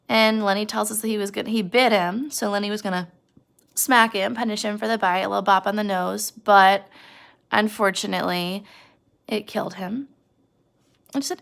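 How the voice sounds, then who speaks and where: Woman teacher with a gravelly voice. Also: medium pitch, normal speed. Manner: retells scenes with animated quoted voices. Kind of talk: classroom lesson retelling a novel chapter.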